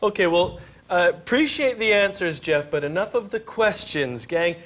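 A man's voice: sits high, lively intonation, normal speed, fairly bright tone. A man co-hosting a comedy morning show, asking absurd questions in a playful, straight-faced way. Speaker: co-host. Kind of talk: improvised mock interview.

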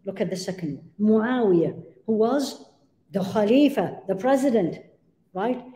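A woman delivers a religious lecture with emphatic, rhetorical questions and sprinkled Arabic phrases. Her voice is dark and mellow, and it rings around a reverberant lecture room with a live audience. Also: medium pitch, lively intonation, a little slow. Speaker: Islamic lecturer.

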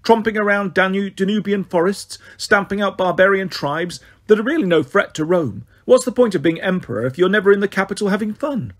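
A man's voice: high-pitched, fairly quick, few pauses. A man voicing a whiny spoiled young prince. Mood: complaining. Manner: petulant, complaining. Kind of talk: audiobook character voice.

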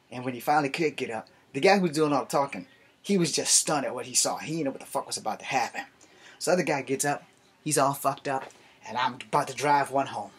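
Husky man telling a profane story. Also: medium pitch. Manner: animated, profane, conversational. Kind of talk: casual live-streamed storytelling.

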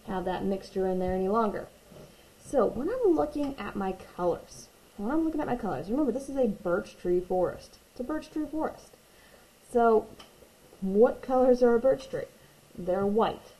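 A woman's voice: a little high, warm tone, a little hiss or hum, low-quality recording. A woman teaching a watercolor painting tutorial, patient and reassuring, repeating her key points. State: hiccups. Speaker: art teacher.

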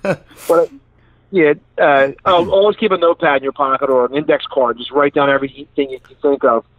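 A man's voice: on the high side, fairly even intonation, brisk, no room sound. A man with a Philadelphia accent, a comedian guest chatting casually and laughing through rambling stories, calling in from his truck. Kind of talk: casual chat. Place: inside his parked truck. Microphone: phone call. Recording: tinny dry phone line.

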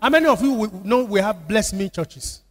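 A man's voice: sits high, animated, a little fast. A man with a Nigerian accent preaching a sermon as pastor, repeating phrases and calling on the congregation to answer. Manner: call-and-response preaching with repetition. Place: church. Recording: church hall with long reverb.

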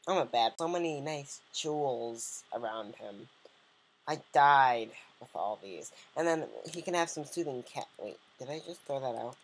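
A woman's voice: rumbling low, expressive, unhurried. A woman giving casual, joking let's-play commentary and chatting to the game's characters. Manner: joking, rambling, talks to game characters.

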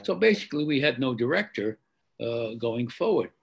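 An older man recalls his career at an unhurried pace. His voice is husky and a little breathy, and he often stops, restarts and clears his throat. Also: mid-range voice, big pitch swings, rough recording. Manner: halting, many fillers and restarts, clears throat. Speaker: actor guest. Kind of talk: interview storytelling.

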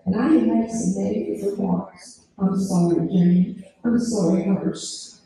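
A woman's voice: mid-range voice, fairly even intonation, unhurried, mellow. A woman giving an earnest personal testimony at a women's church meeting, telling her story with frequent repeats and restarts. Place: church sanctuary. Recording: very echoey church hall.

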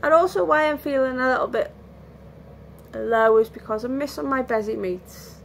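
A woman's voice: high voice, normal speed, vocal fry, a little hiss or hum. A tired woman chatting candidly in a casual home vlog, rambling and restarting her sentences, yawning now and then. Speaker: vlogger. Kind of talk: casual lockdown vlog chat.

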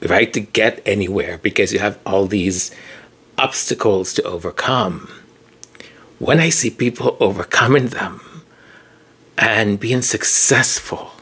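A man with a fairly low voice hosts his own channel in a slow, unhurried delivery. He talks reflectively and pauses often, sounding close to tears throughout. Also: fairly bright tone, husky. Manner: slow, reflective, pausing to gather himself. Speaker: channel host. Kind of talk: emotional solo commentary.

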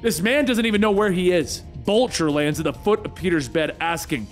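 A man narrating a comic book story in brisk recap style. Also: high-pitched, lively intonation, faint music behind.

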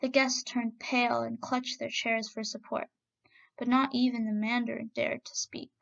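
A woman reads a folk tale aloud in a steady, expressive way. Her voice is slightly high and has a gravelly, creaky edge. The recording sounds dull and lo-fi. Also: normal speed. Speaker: storyteller. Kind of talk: storybook narration.

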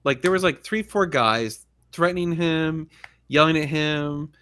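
A man's voice: a little high, a little slow, fairly bright tone, clear, resonant tone. A man hosting a casual livestream chat, talking in a laid-back, rambling way and laughing often. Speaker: podcast host.

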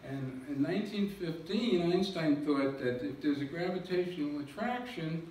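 A man's voice: fairly high pitch, expressive, moderate pace, darkish tone, slight background noise. A man giving a public lecture with slides, explaining step by step and poking fun at himself. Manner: jokey, self-deprecating, explains with slides. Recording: echoey hall recording from far off.

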